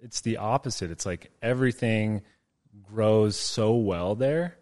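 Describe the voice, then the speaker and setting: A man hosting a podcast, chatting in a relaxed way with lots of fillers. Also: lowish voice, a little slow, no echo, studio quality. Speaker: podcast host. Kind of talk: casual podcast interview.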